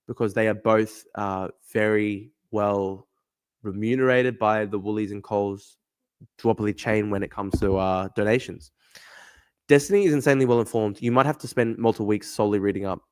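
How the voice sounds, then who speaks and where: A young man from Australia hosting a casual livestream, reading viewer comments aloud and rambling with frequent repeats. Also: lowish voice. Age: young adult. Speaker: livestream host reading chat.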